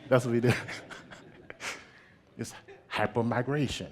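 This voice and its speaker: Guy giving an artist talk, animated, laughs a lot, keeps saying right?. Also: mid-range voice, normal speed.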